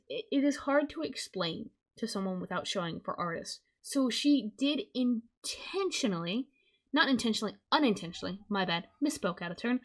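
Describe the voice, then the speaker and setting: A woman's voice: mid-range voice, fairly bright tone. A young woman from the Southern United States giving live-streamed commentary, her voice strained from hours of talking, rambling and correcting herself as she goes. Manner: rambling, self-correcting, casual. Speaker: streamer commenting on online drama.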